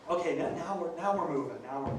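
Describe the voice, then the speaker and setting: A man performing improv comedy on stage, playful and halting, full of restarts. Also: a little high. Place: theater stage. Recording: echoey stage mic from far off with noise.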